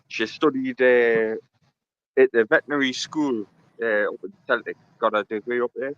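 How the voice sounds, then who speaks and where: A man calling in on a video call, telling a lively anecdote and laughing through it. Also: fairly low pitch. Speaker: caller. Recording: muffled remote call audio.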